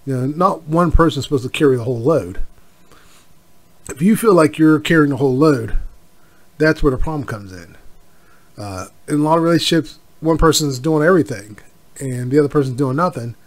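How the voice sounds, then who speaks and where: Middle-aged male podcast host, a bit higher-pitched, loose rambling delivery. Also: fairly quick. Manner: rambling, with many fillers and asides. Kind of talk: casual solo podcast monologue.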